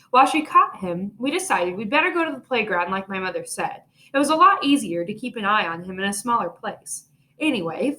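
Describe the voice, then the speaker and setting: A woman teacher greeting her pupils and reading a chapter book aloud, gentle and encouraging, recorded at home. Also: mid-range voice. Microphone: home video recording.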